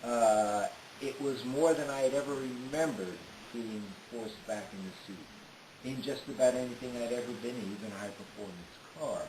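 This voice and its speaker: A man telling a detailed first-person story in an unhurried way, often pausing on "uh". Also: medium pitch, a little mellow. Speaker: storyteller recounting a trip. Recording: roomy with faint hiss.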